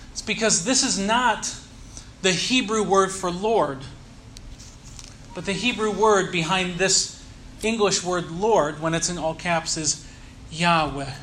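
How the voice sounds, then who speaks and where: A man preaching a sermon, teaching earnestly and leaning slowly on key words. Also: high voice, sharp tone, a little hiss or hum. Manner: earnest teaching tone with slow emphatic stresses. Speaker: pastor.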